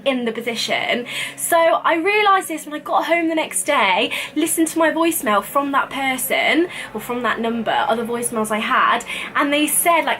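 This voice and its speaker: A woman in her twenties vlogging, telling a story in casual chat, animated and giggly, acting out quoted lines in a higher voice. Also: brisk. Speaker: beauty vlogger.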